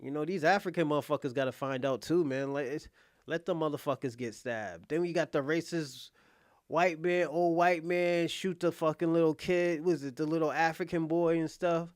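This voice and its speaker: A man's voice: fairly high pitch, steady tone, normal speed, dry recording, studio quality. A man speaking in a blunt, profane casual rant to his viewers as an online commentator, often insisting that he is being honest and laughing between lines.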